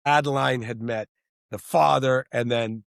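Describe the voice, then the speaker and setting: A middle-aged man, a screenwriter and director, talking in an interview in an animated, rambling way with many restarts. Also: mid-range voice, unhurried, vocal fry, dry recording, studio quality. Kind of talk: interview conversation.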